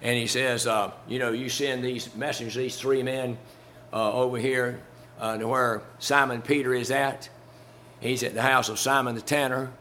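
Male preacher, mid-pitched, folksy and conversational, light chuckles, faint hum behind. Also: little pitch movement, normal speed, sharp tone. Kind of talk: sermon.

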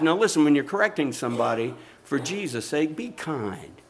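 A man's voice: a little high, sing-song, normal speed. An older man preaching a sermon, rising and falling in intensity and calling for amens. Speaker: pastor.

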